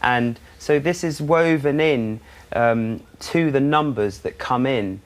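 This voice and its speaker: A man chatting as a guest on a morning TV show, halting with many restarts and fillers. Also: medium pitch. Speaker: guest performer. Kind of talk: casual chat.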